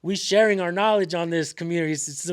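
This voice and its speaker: Rambling man, slightly high voice. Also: fast talker, clear, resonant tone. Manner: rambling, frequent fillers and restarts. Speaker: channel host, activist. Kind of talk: casual conversation.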